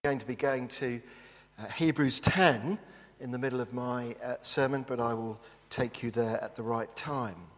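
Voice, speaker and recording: Earnest preacher in a reverberant church. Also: male voice, mid-range voice, moderate pace. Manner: earnest, storytelling, hushed in prayer. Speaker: pastor. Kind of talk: sermon.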